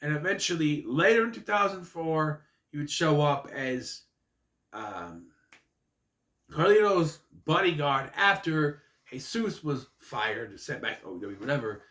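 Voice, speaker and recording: Rambling jokey man, lively voice. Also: a little high, a little slow. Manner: rambling and jokey, with asides and restarts. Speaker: wrestling recap vlogger. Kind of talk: casual recap monologue. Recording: echoey room.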